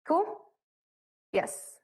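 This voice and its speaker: A woman's voice: extremely slow, warm tone. A young woman leading a chemistry study session in a bubbly, joking way. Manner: bubbly, joking, self-mocking. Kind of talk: classroom teaching.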